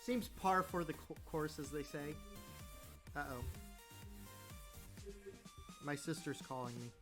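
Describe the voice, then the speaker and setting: A woman live-streaming a game, chatting casually with frequent laughs and quick exclamations. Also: deep voice, music in the background. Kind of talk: casual live-stream chat over gameplay.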